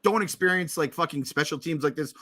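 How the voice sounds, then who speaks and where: A man hosting a late-night postgame call-in podcast, excitable and profane, laughing often and running on fumes. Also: fairly high pitch, fairly quick. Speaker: podcast host. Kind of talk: casual postgame call-in chat.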